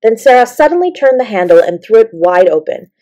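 A woman narrating a bedtime story in a gentle, expressive way. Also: fairly high pitch, a little fast. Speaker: audiobook narrator.

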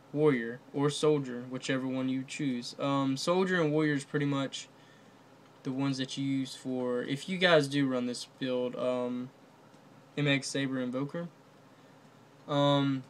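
A man's voice: medium pitch, slight background noise. A man casually commenting on a card game ban list, rambling with many fillers and restarts. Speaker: card game video host.

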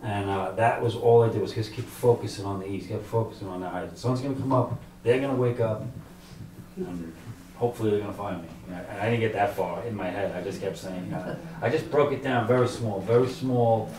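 A middle-aged man tells his own story at a library author talk, conversational and halting, with many fillers, acting out his own thoughts. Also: fairly low pitch, darkish tone, a little hiss or hum. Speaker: author and fisherman telling his survival story. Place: library event room. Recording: echoey room, distant mic.

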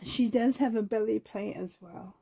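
A woman's voice: mid-range voice, normal speed, vocal fry, dark tone, husky, rough recording. A woman with a Canadian accent, chatting casually while unboxing, gushing, giggly and rambling. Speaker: reborn doll vlogger.

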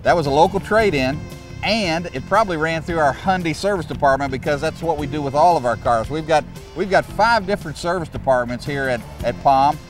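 A man's voice: a little high, brisk, far from the mic, faint music behind. A man hosting a car dealership show, bantering in a folksy, joking, salesy way. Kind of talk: casual promotional banter.

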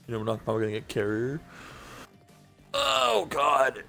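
A man's voice: lowish voice, steady tone, racing, a little mellow, soft background music. Tired, cranky young gamer man. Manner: profane and cranky, swearing constantly. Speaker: gaming channel host. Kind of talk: casual gameplay commentary.

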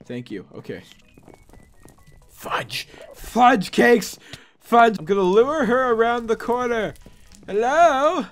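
High, excitable young gamer guy. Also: takes it slowly, soft background music. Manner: excitable, yelps and screams in panic, then drops to mutters. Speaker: gaming YouTuber. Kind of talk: gameplay commentary.

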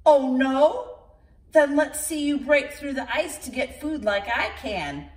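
A boastful duck with a taunting, laughing manner, as a woman reads it aloud. It squawks up high with lively swoops, carried across a roomy space from afar. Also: takes it slowly. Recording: roomy, from far off.

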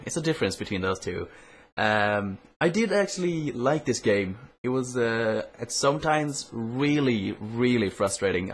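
A young man giving casual, excitable gaming commentary, teasing and swearing at his teammate, recorded on a noisy low-quality webcam mic. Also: slightly rough. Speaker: let's play host.

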